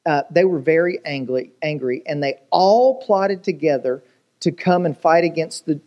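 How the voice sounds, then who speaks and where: A male pastor preaches in a lively, storytelling way. He jokes, asks the crowd rhetorical questions, and keeps his voice a little higher than most men's. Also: normal speed, dull audio. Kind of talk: sermon.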